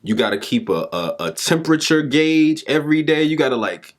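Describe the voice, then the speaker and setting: Animated man telling a story. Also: brisk. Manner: animated, informal, pitch jumps with emphasis. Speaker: speaker and mentor. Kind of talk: storytelling motivational talk.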